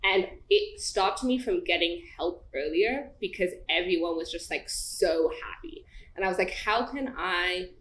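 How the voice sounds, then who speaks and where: A woman's voice: lowish voice, unhurried, fairly bright tone. A woman co-hosting a podcast, speaking earnestly and emotionally about hard experiences in a heartfelt conversation. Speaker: podcast co-host. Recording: echoey room with faint background noise.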